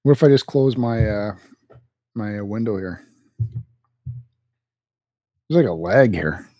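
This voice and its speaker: Laid-back deadpan podcast co-host man. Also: lowish voice, a little slow, dry recording. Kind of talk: casual podcast chat.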